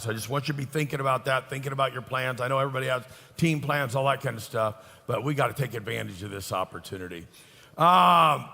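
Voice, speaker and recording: A man's voice: mid-range voice, gravelly, pushed and bright. A man with an American accent hosting a conference, making rambling, folksy announcements and introducing the next speaker. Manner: rambling, folksy, says "ain't". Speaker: event host. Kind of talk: casual announcements. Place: large conference hall. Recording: echoey hall reverb.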